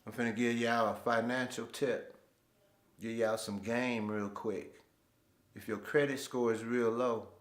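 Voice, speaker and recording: A man's voice: on the low side, echoey room. A man hosting his own show, telling stories in a laid-back, slangy way. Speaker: host. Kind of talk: casual storytelling monologue.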